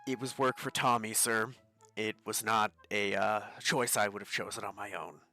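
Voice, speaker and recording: A man's voice: lowish voice, steady tone, moderate pace, bright, forceful tone, soft background music. A young man playing a tabletop role-play game, speaking in a polite, hesitant way. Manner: polite, hesitant, ends lines with "sir". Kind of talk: in-character role-play talk.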